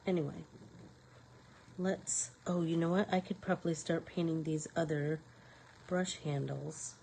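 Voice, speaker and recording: A woman's voice: sits low, fairly even intonation, measured pace, gravelly, dark tone, slight background noise, poor audio. A woman hosting a live painting tutorial, talking casually to viewers and to herself as she works. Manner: talks to herself while working, rambling. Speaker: craft show host.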